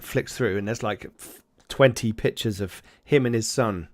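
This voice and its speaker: A man's voice: on the low side, normal speed, no room sound, studio quality. Man running a tabletop game. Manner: relaxed, hesitant with fillers. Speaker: game master.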